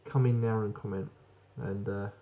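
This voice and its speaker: A man's voice: on the low side, fairly even intonation, normal speed, phone-quality sound. A British man giving a frank, rambling beer review that swears casually.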